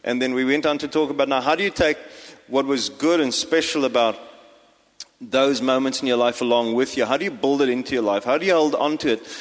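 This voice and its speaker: A pastor giving a sermon to his congregation, talking with frequent fillers and restarts. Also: medium pitch. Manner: hesitant, many fillers and restarts. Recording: long hall reverb.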